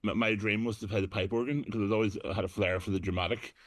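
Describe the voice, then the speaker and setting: Low-voiced chatty man, dry sound. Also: steady tone, fast talker, no echo. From Northern Ireland. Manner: chatty, self-deprecating, frequent ums. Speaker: guest, actor and DJ. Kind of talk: casual interview conversation.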